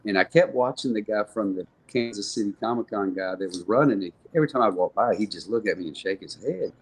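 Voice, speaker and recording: Man, lower voice, podcast guest, casual storytelling, rambling, many fillers and restarts. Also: expressive, fast talker, slight background noise.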